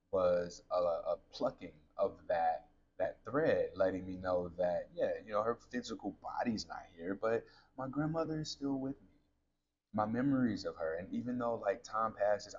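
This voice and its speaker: A man's voice: deep voice, darkish tone, highs cut off, slight background noise. A man in his thirties, a podcast host, candidly telling a personal story to his listeners in a conversational way. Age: 30s.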